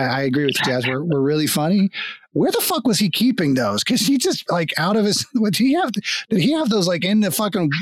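A fairly high-pitched man from Kansas, recorded with a dry sound, co-hosts a podcast and casually recaps a TV episode. His manner is loose and profane, and he laughs as he talks.

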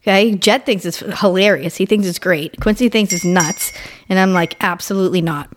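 A woman's voice: medium pitch, normal speed, a little hiss or hum. A woman, co-hosting a podcast and teasing the host with dry comments. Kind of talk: casual chat.

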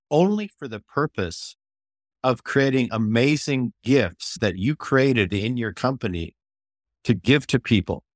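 An older man, an author and ministry leader, talking as a guest in an interview. He tells stories in an animated way, often restarts phrases, and acts out quotes in a raised voice. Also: medium pitch, dry recording, studio quality. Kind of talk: conversational storytelling interview.

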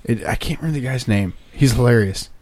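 A married man hosting a podcast, telling stories in a lively casual chat and laughing often. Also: mid-range voice, fast. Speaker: podcast host.

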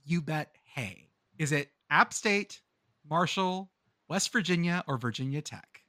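Quiz host, male, high and bright voice, dry close mic, sing-song reading. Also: animated, a little slow, no room sound. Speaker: podcast co-host running a quiz. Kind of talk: casual chat, reading fight song lyrics aloud.

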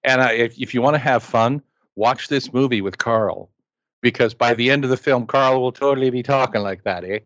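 A man's voice: mid-range voice, normal speed, a bit bright, dry recording, highs cut off. A man co-hosting a casual movie chat, enthusiastic and rambling, with playful asides. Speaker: podcast co-host.

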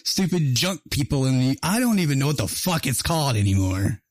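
A man's voice: medium pitch, big pitch swings, a little fast, no echo. A man hosting a casual podcast, swearing freely and laughing often. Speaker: podcast host. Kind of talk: casual profane chat.

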